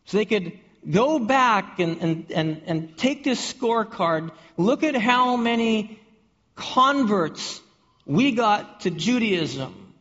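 High-pitched and slightly bright, this pastor's voice swings widely in pitch as he preaches slowly to his congregation. He keeps repeating and restarting words and asks the room questions, captured in dull audio with a long hall reverb.

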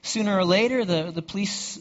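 A man's voice: high-pitched, a little fast. A man preaching a sermon as pastor, asking rhetorical questions and often repeating words as he goes. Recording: dull reverberant hall recording.

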